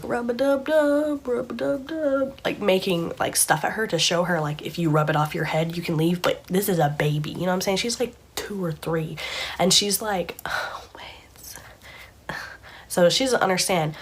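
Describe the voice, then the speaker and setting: A woman's voice: low-pitched, a little hiss or hum. A young woman casually retelling a dream to camera, rambling with lots of fillers and dropping into whispers. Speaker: vlogger. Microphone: camera framed from the chest up.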